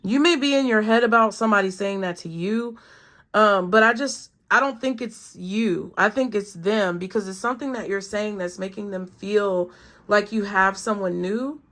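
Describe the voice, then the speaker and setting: A woman's voice: mid-range voice, normal speed, fairly bright tone. A woman giving a casual collective tarot reading, thinking aloud in a chatty way with lots of fillers. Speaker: tarot reader.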